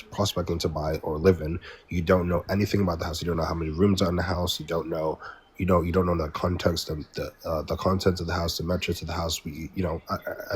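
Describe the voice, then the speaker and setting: Low-voiced English man, halting debater. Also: a little hiss or hum, poor audio. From England. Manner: hesitant, repeats words, interrupts. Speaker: debate guest. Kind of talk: heated online debate.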